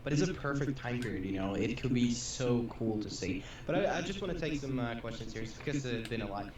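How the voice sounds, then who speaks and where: A Norwegian man speaking English with a hybrid accent, answering viewer questions in a halting, casual way. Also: medium pitch, expressive, highs cut off. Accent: Norwegian-tinged English. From Norway. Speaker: co-host guest. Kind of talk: casual livestream chat. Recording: distant, roomy, noisy mic.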